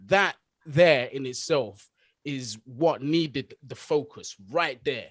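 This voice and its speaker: A man co-hosting a casual chat, speaking in a measured, reflective way. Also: mid-range voice, dry recording.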